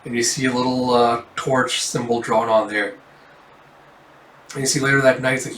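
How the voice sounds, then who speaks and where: A man's voice: medium pitch, fairly even intonation, normal speed, long pauses, fairly bright tone, a little hiss or hum. Casual man reading a comic aloud. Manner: casual, swearing, filler-heavy. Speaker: comic readthrough host. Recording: roomy, distant mic, faint ambience.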